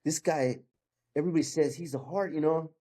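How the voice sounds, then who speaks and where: A man's voice: on the high side, fairly quick, dark tone. A man in his fifties, a guest sharing his testimony in casual storytelling, acting out the people in it and dropping "bro" and "man" as he goes.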